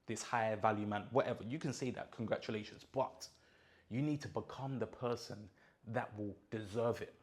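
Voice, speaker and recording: A young man giving a casual motivational monologue, emphatic and full of slang, often checking in with his listener. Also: mid-range voice. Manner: emphatic, repeats points and checks in with "do you understand?". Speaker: mindset content creator.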